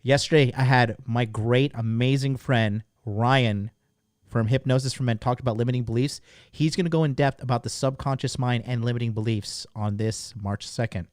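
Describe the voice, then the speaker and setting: Speaking at a moderate pace in a medium-pitched voice, a thirty-something podcast host gives a casual monologue plugging a course. The studio-quality recording is dry, and his delivery is blunt, profane, animated and emphatic, littered with "like".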